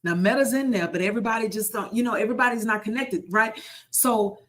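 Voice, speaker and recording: A woman content creator telling a story in a casual vlog, repeating phrases for emphasis and slowing into a preacher-like cadence. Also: a little high, fairly bright tone. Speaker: content creator and online group founder.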